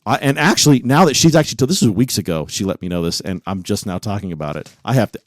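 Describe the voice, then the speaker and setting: A man's voice: fairly low pitch, animated, quick pace, dry recording, low-quality recording. A man co-hosting a podcast in casual chat, swearing often and getting heated as he rants. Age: adult with a son. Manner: profane, heated rant. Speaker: podcast co-host.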